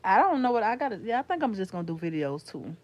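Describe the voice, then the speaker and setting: A woman's voice: medium pitch, big pitch swings, quick pace, a little mellow. A woman from Florida with a Florida accent, chatting casually with viewers in a livestream, rambling and calling them honey and sugar. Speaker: YouTuber talking to her live chat.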